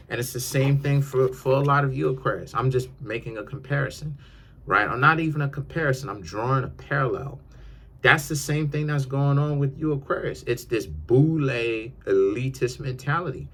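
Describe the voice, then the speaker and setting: A mid-pitched man delivers a casual tarot reading. His talk runs as an animated rant that rambles and repeats words. It sounds like a self-made video monologue. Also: brisk, breathy edge. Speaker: tarot reader.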